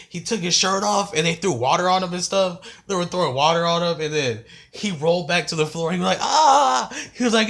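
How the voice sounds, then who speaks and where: A man's voice: a little high, fairly bright tone. A young man vlogging a casual storytime, rambling and slangy with lots of fillers.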